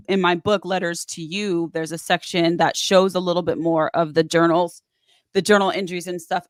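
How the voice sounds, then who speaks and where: Animated woman telling her story, low voice. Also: dry recording, studio quality. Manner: animated, acts out quoted voices. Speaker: interview guest. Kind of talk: candid storytelling interview.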